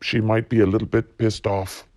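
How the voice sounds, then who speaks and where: A man's voice: on the low side, flat delivery, moderate pace, a little mellow, no echo. A man hosting a solo podcast, ranting bluntly and profanely while reading quotes. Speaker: podcast host.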